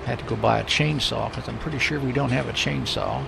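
A man talks his way through a farming game in a loose, rambling way, full of fillers and half-finished thoughts. His voice is very gravelly at an ordinary pitch. Clear background noise sits under him throughout. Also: fairly quick. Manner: rambling, thinks aloud with many fillers. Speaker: gameplay commentator. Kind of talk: casual let's-play commentary.

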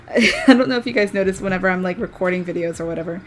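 A woman giving casual, excitable commentary while playing a game, gushing with delight. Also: fairly low pitch, fast, slight background noise. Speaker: let's play gaming creator. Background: game music.

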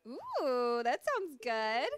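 A woman's voice: sits high, wildly swooping pitch, extremely slow, smooth. A woman hosting a live call-in show, chatting casually with callers and laughing often.

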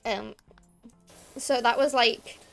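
Scouse girl rambling on stream, high voice, faint music behind. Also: fairly even intonation, takes it slowly, creaky. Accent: Liverpool. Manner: rambling, chatty, emphatic. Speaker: VTuber streamer. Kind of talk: casual gameplay chat.

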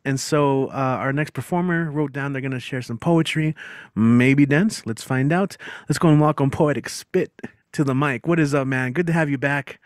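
A man's voice: medium pitch, moderate pace, no room sound, studio quality. A man hosting an online open mic over a video call, introducing the next performer in a chatty, casual way. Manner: chatty, friendly introductions with fillers.

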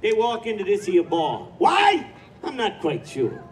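A man's voice: sits high, huge pitch swings, a little slow, slight background noise, full character voice. A man playing a drawling showman who laughs through his jokes at a street show. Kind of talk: live street comedy show.

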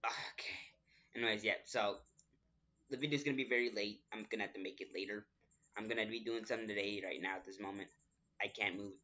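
A man's voice: fairly low pitch, steady tone, fast, pushed and bright. A young man hosting a casual vlog update. He rambles and apologizes, repeating himself, and he has the hiccups. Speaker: channel host. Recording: dull lo-fi recording.

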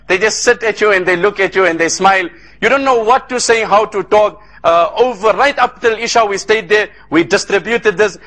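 A man from South Africa delivers an impassioned sermon in a high, bright, ringing voice. He speaks in repeated, rhythmic cadences and mixes Arabic phrases into his telling. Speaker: Islamic lecturer. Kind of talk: emotional sermon storytelling.

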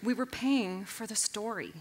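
A woman voicing her calm, wise old grandfather, speaking in a gentle, matter-of-fact way. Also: medium pitch, unhurried, a little hiss or hum, lightly acted.

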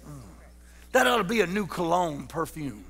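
A man's voice: on the high side, big pitch swings, moderate pace, gravelly, a bit bright, in a large hall. A man preaching a sermon as pastor, folksy and joking, putting questions to his congregation. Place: church sanctuary.

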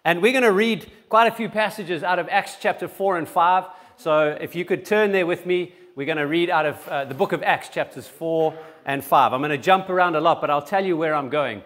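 A man's voice: a little high, brisk, few pauses, fairly bright tone. A man preaching a sermon in church and giving announcements, talking conversationally with frequent restarts. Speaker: pastor.

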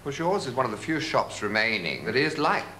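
A man reminiscing in a barber shop, telling lively anecdotes. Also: mid-range voice, brisk, a little hiss or hum. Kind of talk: chatty reminiscing.

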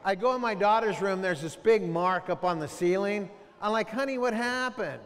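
A middle-aged man giving an animated talk to students, telling stories, putting questions to the audience and mimicking sounds. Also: high-pitched, moderate pace. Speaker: school assembly speaker. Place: school hall. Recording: long reverb in a large hall.

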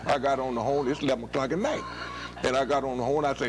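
Speaking quickly in a steady, medium-pitched voice, an older man from the U.S. shares folksy tales in an interview, laughing softly throughout. There's a little noise in the background.

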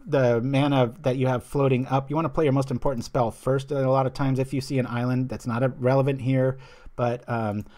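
A male stream host talking through a card game in an easygoing, wandering way, drifting off topic and circling back. His voice sits at an ordinary middle pitch, and he keeps a relaxed, conversational flow. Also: a little fast. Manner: chatty, rambling, loses his train of thought; reads viewer chat aloud. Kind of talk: casual card game commentary.

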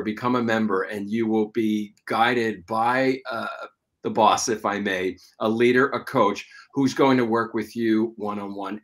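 A man with a somewhat low voice hosts a live online show. He speaks earnestly and encouragingly, pausing often and reaching for the next word. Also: fairly bright tone. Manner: earnest, encouraging, with frequent fillers and pauses. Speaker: show host.

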